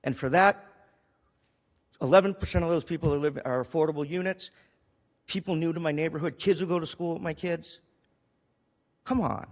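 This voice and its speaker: A man's voice: on the high side, steady tone, fairly quick, long pauses, in a large hall. Emotional man pleading at a council meeting. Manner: emotional, pleading, with restarts and repetition. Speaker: city councilor. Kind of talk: impassioned council meeting speech. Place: council chamber.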